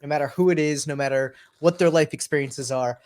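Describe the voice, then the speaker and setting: A man's voice: fairly high pitch, steady tone, fairly quick, darkish tone. A man hosting a casual chat, talking enthusiastically and with slang. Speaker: host.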